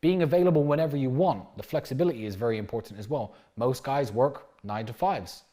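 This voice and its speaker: A man's voice: mid-range voice, brisk, mellow. A man giving a blunt, crude motivational monologue about dating, acting out bits of dialogue along the way. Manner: acts out little dialogues in different voices. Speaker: dating and lifestyle talker.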